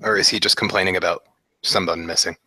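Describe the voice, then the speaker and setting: A man's voice: deep voice, steady tone, fast, pushed and bright, dry recording. A man playing a tabletop game in character, speaking politely and formally with some hesitation. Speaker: player. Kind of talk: in-character tabletop role-play.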